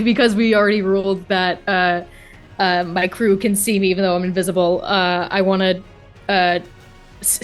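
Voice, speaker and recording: A woman with a mid-pitched voice, playing in a tabletop game and describing her moves hesitantly with many fillers. Soft music sits in the background. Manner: hesitant, full of fillers and restarts. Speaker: player.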